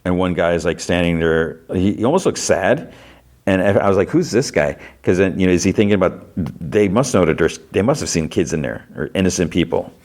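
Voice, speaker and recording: A man's voice: sits low, brisk, darkish tone. A man hosting a podcast, casually retelling a TV episode with lots of fillers. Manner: chatty, many fillers, briefly acts out quoted lines. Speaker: podcast host.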